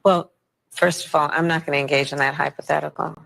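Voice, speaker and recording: A woman politician answering in a TV interview in a measured, deflecting way. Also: low voice, fairly even intonation, gravelly, fairly bright tone, poor audio. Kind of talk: TV news interview.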